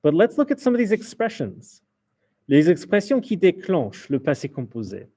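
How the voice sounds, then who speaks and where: A man's voice: a little high, wildly swooping pitch, a little fast, dark tone. A man teaching a French class in a casual explaining way, with many fillers. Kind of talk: recorded class lesson.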